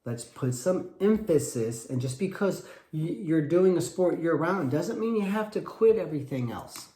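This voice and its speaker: Emphatic wrestling coach, echoey room. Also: male voice, on the high side, lively intonation, normal speed, mellow. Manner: acts out little parent dialogues, emphatic and repetitive. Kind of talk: animated coaching talk.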